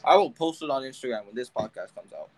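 Young male podcast co-host, animated storyteller, mid-pitched voice, casual chat. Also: fast talker, dry recording, rough recording.

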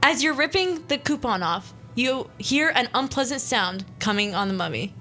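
Bright-voiced young woman hosting a radio show. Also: fairly high pitch, lively intonation, soft background music. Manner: playful, quick, self-interrupting. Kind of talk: casual chat, reading an interactive story aloud. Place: small studio.

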